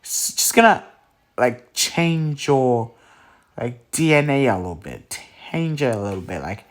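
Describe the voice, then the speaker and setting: A man loosely voicing an excitable, bitter male scientist while retelling a story, with fillers. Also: medium pitch, close to an everyday voice.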